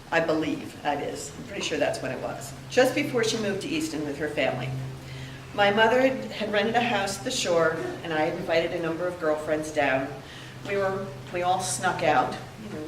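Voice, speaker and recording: A woman's voice: on the low side, background noise. Older woman giving a eulogy in an echoey room. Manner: heartfelt storytelling with pauses. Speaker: eulogy speaker. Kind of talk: memorial tribute speech. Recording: echoey room, heard from a distance.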